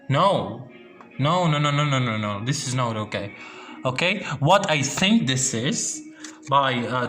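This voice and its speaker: A young orchid hobbyist shows off his plants in a casual vlog, filmed indoors at home among plants and boxes. His mid-range voice is bright with a forceful tone. He rambles, restarts often, and keeps tacking on "yeah?"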